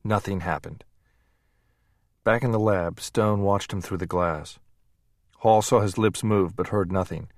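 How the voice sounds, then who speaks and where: Reading an audiobook aloud, this man keeps his delivery steady and measured. His voice is on the low side, and the studio-quality recording has no echo.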